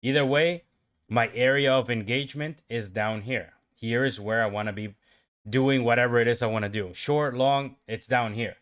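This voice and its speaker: A man's voice: mid-range voice, moderate pace, smooth. Man streaming live trading commentary. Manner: self-talking, pumped up, swings from calm explaining to excited outbursts. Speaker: livestream day trader.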